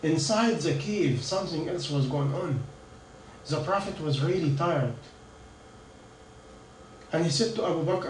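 A man telling a story in a sermon, earnest, with halting non-native English, often putting questions to his listeners. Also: on the high side, lively intonation, slight background noise. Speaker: preacher. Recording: echoey room, mic at a distance.

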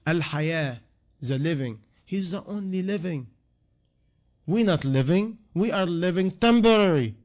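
A man's voice: sits high, expressive, measured pace, darkish tone. Earnest preaching man. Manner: earnest, repetitive rhetorical questions, non-native grammar. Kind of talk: sermon.

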